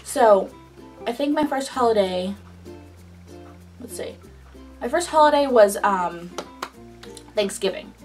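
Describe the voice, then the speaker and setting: A woman's voice: on the high side, takes it slowly, pauses often, far from the mic, soft background music. A young woman casually telling a personal story in a chatty style, full of "like". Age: young adult. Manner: chatty, frequent "like", animated retelling. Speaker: vlogger.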